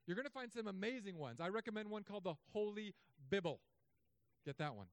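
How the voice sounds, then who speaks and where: High-voiced joking pastor, dry sound. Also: male voice, fairly quick, no echo. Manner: humorous, sarcastic asides with animated swings. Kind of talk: sermon.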